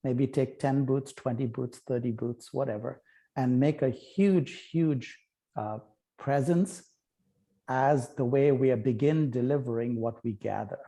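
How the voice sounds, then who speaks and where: A man giving a volunteer orientation, presenting slides and thinking aloud with fillers and pauses. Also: medium pitch, mellow.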